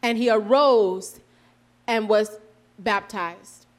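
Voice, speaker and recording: Speaking in a mid-range voice, a female preacher reads passages of scripture and unpacks them with earnest conviction. She occasionally corrects herself and slows her delivery to stress key points in the sermon.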